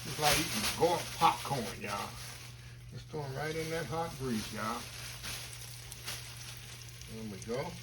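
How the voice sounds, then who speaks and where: A man's voice: mid-range voice, lively intonation, unhurried, long pauses, heavy background noise. A man hosting a casual cooking vlog, talking folksy and calling his viewers y'all. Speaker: cooking channel host. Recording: kitchen with sizzling grease behind.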